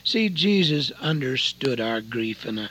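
A man's voice: medium pitch, animated, unhurried, fairly bright tone, slightly rough, poor audio. An older man preaching a folksy radio sermon from his home radio room, pleading with listeners and telling personal stories.

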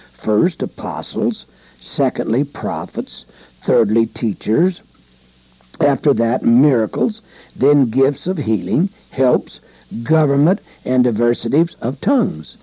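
A man preaching a sermon, emphatic and exhorting, with rising loud passages. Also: mid-range voice, husky, no echo. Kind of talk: radio sermon. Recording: dull lo-fi sound.

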